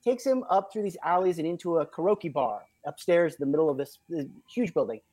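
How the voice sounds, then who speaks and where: A man as an interview guest, telling a story in an upbeat way and acting out quoted shouts. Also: fairly high pitch, brisk, dry recording. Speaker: film producer guest.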